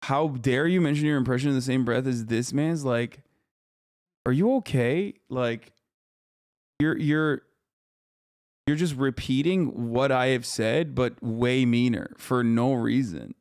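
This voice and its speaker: A man's voice: mid-range voice, measured pace, a little mellow, dry recording, clean studio sound. Blunt, profane male streamer. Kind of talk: live stream reaction.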